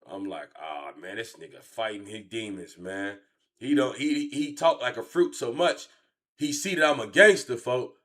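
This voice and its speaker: Guy late 30s, rambling cussing streamer story, mumbles low then yells out loud, mid pitch. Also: moderate pace. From Chicago. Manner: profane, rambling, swings from low mutter to loud shouts. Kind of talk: casual streamed storytelling rant.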